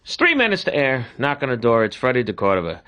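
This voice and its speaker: A man tells a comic story with lots of expressive rise and fall in his voice. He laughs often and acts out the other characters as he goes. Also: medium pitch, quick pace. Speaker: comedian telling a story. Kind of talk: animated anecdote.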